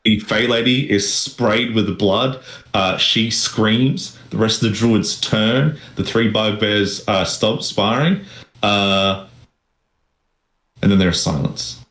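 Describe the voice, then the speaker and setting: Slow, halting man narrating a tabletop game in a roomy space. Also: fairly low pitch, a bit bright. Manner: halting, with frequent uh fillers. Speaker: game master. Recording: roomy echo.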